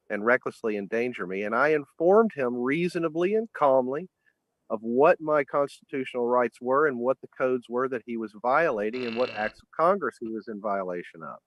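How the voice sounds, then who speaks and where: A man's voice: medium pitch, no echo. A man asking earnest, probing questions in a conversational interview.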